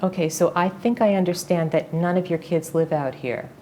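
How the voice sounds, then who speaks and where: Low-voiced woman asking interview questions. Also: normal speed, a little mellow, slight background noise. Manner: friendly, brief prompting questions.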